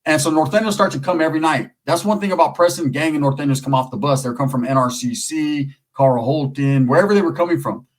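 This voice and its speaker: A man's voice: fairly high pitch, quick pace, few pauses, rough recording. A middle-aged man from California telling prison and neighborhood stories in casual, profane street slang. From Merced area, California. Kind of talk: casual storytelling.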